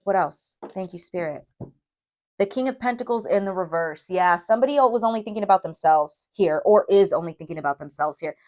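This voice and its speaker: A woman giving a tarot reading to viewers, emphatic and emotional, often checking in with a quick "okay?". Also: on the low side, expressive, darkish tone. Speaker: tarot reader.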